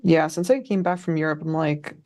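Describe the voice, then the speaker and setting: A woman's voice: low-pitched, fairly quick, darkish tone. Laid back lady trader chatting on a live show, laughs a lot. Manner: easygoing, laughs often. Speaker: co-host. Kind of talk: casual trading chat.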